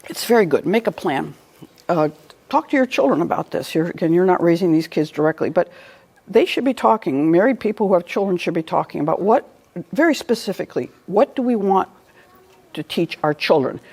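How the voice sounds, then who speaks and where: A woman's voice: on the low side, expressive, a little fast, darkish tone, breathy edge. A middle-aged woman giving a lecture in a conversational way, telling stories, laughing at her own anecdotes and often asking "all right?". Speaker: speaker giving a talk.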